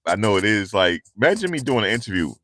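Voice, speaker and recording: Deep-voiced New man chatting. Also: very animated, quick pace, sharp tone, no echo. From tri-state area around New York. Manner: loose, joking, reads and answers chat. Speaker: livestream host. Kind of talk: casual livestream chat with viewers. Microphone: handheld lavalier mic.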